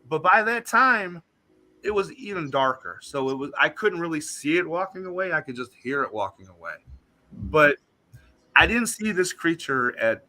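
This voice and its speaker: A man, a guest on a talk show, telling a story in an animated, emphatic way. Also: a little high. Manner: animated, emphatic retelling that acts out what he said.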